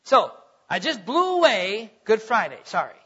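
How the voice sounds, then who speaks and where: A man's voice: high-pitched, wildly swooping pitch, moderate pace, bright, forceful tone, slightly rough. A man preaching a teaching sermon in a conversational way, stopping often to check that the listeners follow. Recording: dull lo-fi recording.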